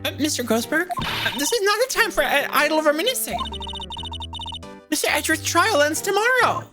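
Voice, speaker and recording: A woman's voice: high-pitched, lively intonation, a little fast, far from the mic, loud music behind the voice, pitched above the performer's own voice. A woman voicing an earnest young woman who primly chides an older man. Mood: scolding.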